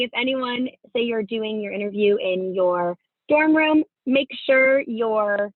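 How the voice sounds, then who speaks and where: A woman's voice: fairly high pitch, no room sound. A woman from California giving upbeat career advice in a virtual workshop over a video call, with plenty of fillers. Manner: upbeat, instructive, many fillers. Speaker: career fair presenter. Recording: dry tinny video-call audio.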